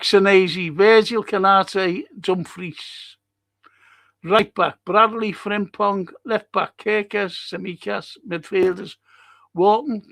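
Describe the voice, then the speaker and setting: Guy hosting a fan stream, slow rambly talk, gravelly voice, dry close mic. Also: sits high, a bit bright, dry recording. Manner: rambling and chatty, wanders off topic; swears casually. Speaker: host of a football fan live stream. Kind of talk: casual chat reading viewer comments.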